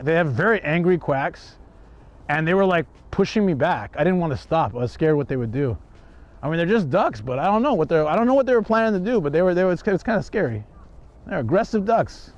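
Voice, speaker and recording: A man's voice: fairly high pitch, a little mellow, dull audio. A man telling a rambling story on a live stream while he walks through a park, chuckling often. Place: outdoors in a park.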